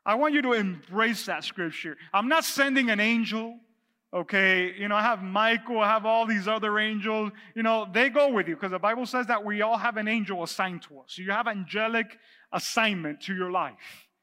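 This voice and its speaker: A man preaching in a large church hall, his voice high and ringing bright. He reads scripture aloud and presses his points with animated energy, and a long reverb trails every phrase. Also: moderate pace. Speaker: pastor. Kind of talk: sermon.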